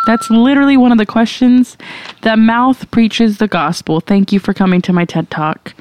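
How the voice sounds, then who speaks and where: A woman's voice: on the high side, moderate pace, dry recording. A young woman co-hosting a podcast, reading listener questions aloud and answering them in a candid, laughing, profane way. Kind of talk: casual podcast chat.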